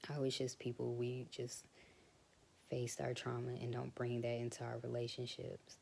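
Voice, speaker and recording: A young woman talking frankly and casually to camera about parenting, often dropping into a soft whisper. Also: very deep voice, monotone, moderate pace, vocal fry, a little hiss or hum. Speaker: vlogger. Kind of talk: casual personal talk to camera.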